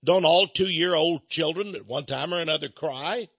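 A man hosting a radio talk show, giving indignant opinionated commentary that swings between hushed asides and loud outbursts. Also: a little high, normal speed, slightly rough, no echo, dull audio.

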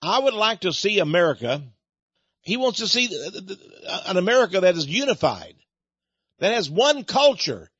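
A husky-voiced man hosting a radio talk show, his pitch sitting a little high and swinging widely as he preaches and chuckles. The recording is dry and close, with a slightly dull, lo-fi broadcast sound. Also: moderate pace, no room sound. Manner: animated, preachy, chuckling, repeats words. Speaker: radio ministry host.

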